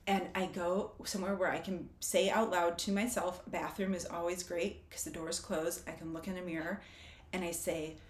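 A woman's voice: fairly low pitch, steady tone, moderate pace, reverberant. A woman talking candidly and reflectively in casual conversation, laughing easily as she shares personal coping tools.

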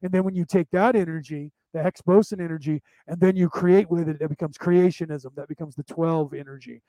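A man's voice: fairly high pitch, fairly even intonation, a little fast, dark tone, no echo, low-quality recording. A man from Ireland with an American accent, teaching a class in a rambling way, repeating himself and restarting as he explains step by step. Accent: American English. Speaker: spiritual teacher. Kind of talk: casual lecture.

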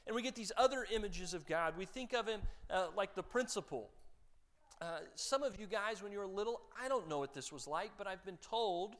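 Pastor guy preaching casual, jokes with the congregation, kinda high voice. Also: lively intonation, a little fast, fairly bright tone. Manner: conversational, joking with the congregation. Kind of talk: sermon.

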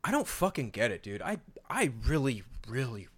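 A man's voice: mid-range voice, very animated, normal speed. A man co-hosting a podcast in casual chat, ranting with heavy swearing and exasperation. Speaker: podcast co-host.

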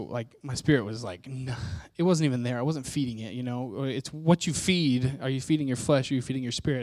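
A man's voice: mid-range voice, no echo. A man preaching a personal testimony sermon, telling his story candidly and poking fun at himself as he acts out what people said. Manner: candid, self-mocking storytelling with acted-out quotes.

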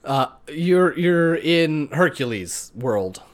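A man's voice: a little high, expressive, takes it slowly. A man co-hosting a casual gaming podcast, recapping a game's plot with profane, sarcastic jokes. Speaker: podcast co-host.

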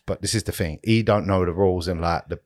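A man's voice: sits low, fast talker. A man, co-hosting a podcast, telling a rambling story in casual slang, swearing freely and checking in with "right?" as he goes. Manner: animated anecdote teller, swears freely, leans on "right?" and "yeah?". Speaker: podcast co-host.

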